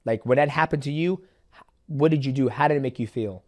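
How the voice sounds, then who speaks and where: A man's voice: medium pitch, quick pace, darkish tone. A man who used to fight in mixed martial arts hosts a casual interview, talking loosely with many fillers and restarts. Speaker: podcast host, former MMA fighter.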